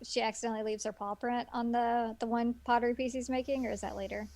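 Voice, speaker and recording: A woman's voice: fairly high pitch, flat delivery, fast talker, a little mellow. Wry woman podcast co-host. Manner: wry, joking asides, laughs easily. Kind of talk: casual chat about a film.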